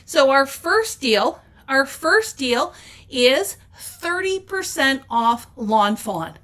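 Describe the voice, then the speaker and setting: A woman hosts a casual update for a craft store, talking over slides. Her voice sits a touch high. She chats in an upbeat, easygoing way with plenty of ums and uhs. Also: very animated, slow, a bit bright. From Canada. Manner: chatty and upbeat, with fillers. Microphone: off-camera mic with slides.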